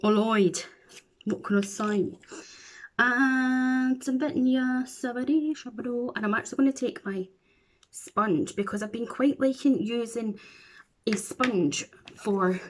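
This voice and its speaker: A woman's voice: mid-range voice, a little hiss or hum. A Scottish woman chatting playfully through a makeup tutorial at home, with silly asides as she works. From Scotland. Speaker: beauty vlogger.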